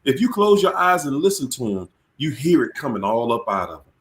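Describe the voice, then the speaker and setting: Casting: lively, preachy male host with a swinging pitch, roomy echo. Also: brisk. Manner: animated, preachy, repeats words. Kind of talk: casual live-stream chat.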